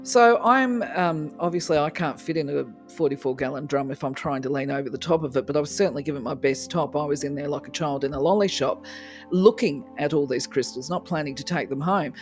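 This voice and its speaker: A woman hosting a crystal channel, telling a rambling story in a lively, casual way and acting out the dialogue. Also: low voice, fairly quick, faint music behind. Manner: animated, rambling, acts out quoted dialogue.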